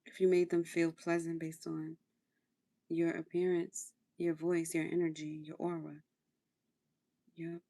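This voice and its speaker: A woman's voice: fairly low pitch, level tone, a little slow, pauses often, dark tone. A woman hosting a casual livestream, chatting through her skincare routine in a coaching tone and repeating phrases for emphasis. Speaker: livestream host.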